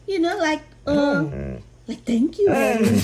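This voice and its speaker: A woman's voice: high voice, expressive, a little slow, heavy background noise. A young woman chatting casually with her dog, coaxing it with frequent laughs. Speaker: dog owner. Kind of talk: casual chat with her pet.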